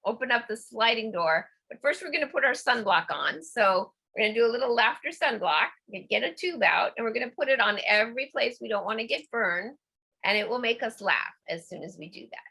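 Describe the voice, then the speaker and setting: A middle-aged woman leading a laughter yoga class, coaxing and playful, breaking into deliberate laughs. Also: fairly high pitch, expressive, gravelly, pushed and bright, husky. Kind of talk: guided laughter exercise class.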